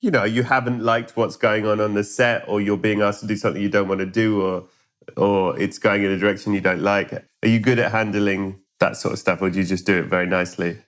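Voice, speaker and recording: Man, podcast host; low voice, engaged and curious, casual interview manner. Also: level tone, a little fast. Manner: engaged, asks long open questions.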